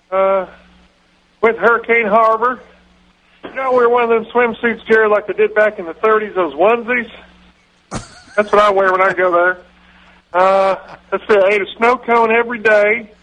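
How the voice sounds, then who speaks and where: A man voicing a dim, rambling football coach who talks in a slow, dopey drawl. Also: high-pitched, fairly even intonation, fairly bright tone, a little hiss or hum, low-quality recording. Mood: goofy. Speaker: impression on a radio comedy bit.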